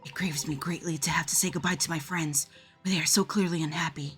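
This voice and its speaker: A woman voicing a polite, earnest young female legal assistant in a low, soft, formal tone while reading game dialogue. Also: fairly even intonation, quick pace, soft background music. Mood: solemn.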